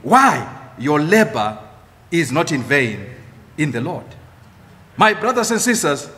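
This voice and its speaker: A man preaching a sermon as pastor, emphatic, repeating key phrases with dramatic pauses. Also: on the high side, very animated, sharp tone. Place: church. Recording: echoey church hall.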